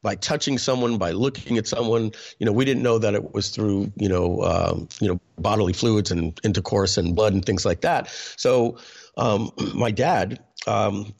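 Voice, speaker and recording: A man's voice: fairly low pitch, moderate pace, a little mellow. A man, telling a personal story in a conversational way, full of fillers and restarts. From New York. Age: 50s. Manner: conversational, many fillers and restarts, clears throat often.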